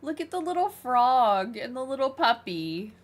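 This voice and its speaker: A woman chatting casually on a live game stream from her room, soft-spoken and giggly, gushing over cute things. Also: high-pitched, very animated, moderate pace. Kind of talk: casual livestream chat while playing. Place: her own room, small fan running beside her.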